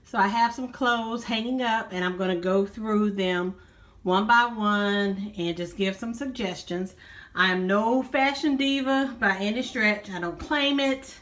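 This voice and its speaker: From her bedroom at home, a woman vlogs casually about fashion, a bit out of breath and frequently apologizing to viewers she calls "guys" and "y'all." Her mid-range voice is fairly bright, her pace measured.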